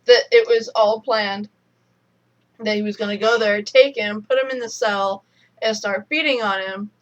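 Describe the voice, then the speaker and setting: A woman's voice: medium pitch, steady tone, normal speed, dull audio. A woman co-hosting a casual review chat, explaining at length with lots of fillers. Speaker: podcast co-host.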